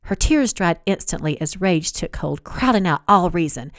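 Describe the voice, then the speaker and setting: A woman, the author, reading her own romance novel aloud in an expressive, dramatic storytelling style. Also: fairly low pitch, normal speed, few pauses, dry recording, studio quality. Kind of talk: audiobook narration.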